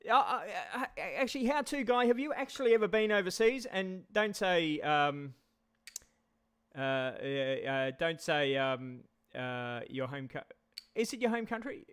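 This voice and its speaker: A man's voice: high voice, expressive, a little slow, fairly bright tone, smooth. A man rambling casually on a live stream, repeating himself and talking straight to his chat.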